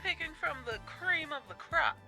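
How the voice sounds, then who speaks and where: A woman's voice: high-pitched, sing-song, moderate pace, creaky, over music, exaggerated voice. An actress playing a playful, teasing female caller in a video game.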